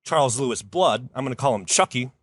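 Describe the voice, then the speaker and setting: A man hosting a comedy podcast, telling a story in a rambling, casual way with lots of fillers, and jumping up in pitch when he quotes someone. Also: animated, fast talker, husky, no echo, studio quality. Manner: rambling, many fillers, jumps high for quoted voices.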